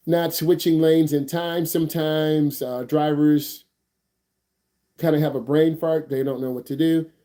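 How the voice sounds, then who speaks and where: A man's voice: a little high, mellow. A man teaching an online driving class, hyped and slangy, repeating his questions and joking with students. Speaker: driving instructor.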